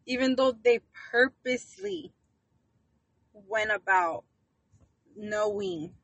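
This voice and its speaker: A woman's voice: high voice, big pitch swings, slow, gravelly, a bit bright, no room sound, poor audio. A woman in her early thirties co-hosting a podcast, talking bluntly, swearing and mixing English with Spanish. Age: 30s. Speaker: podcast co-host. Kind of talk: casual podcast chat.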